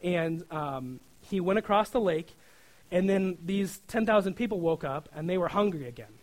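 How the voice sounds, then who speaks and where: Guy preaching, kinda high voice, super casual, keeps saying right?. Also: animated, moderate pace, low-quality recording. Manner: informal, often asks "right?", acts out quoted prayers. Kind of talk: conversational sermon.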